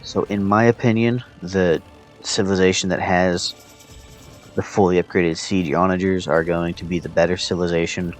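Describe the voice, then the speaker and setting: Male player, deep voice, narrates his own match loosely with ums, faint music underneath. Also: moderate pace. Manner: relaxed, thinking aloud with fillers. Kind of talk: casual gameplay commentary.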